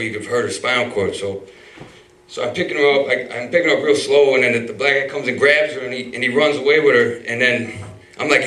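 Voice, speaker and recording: Man, live storytelling, rambling and profane, bright tone, distant mic. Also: mid-range voice. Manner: rambling, many restarts and fillers, profane. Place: live stage venue. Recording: roomy hall, mic far off.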